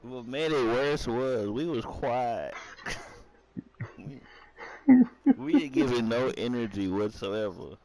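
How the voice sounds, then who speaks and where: A man's voice: mid-range voice, takes it slowly, pauses often, a crowd in the background, poor audio. A man streaming a game live, chatting casually with a friend, swearing and laughing as he tells stories. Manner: laughing, swearing, animated storytelling.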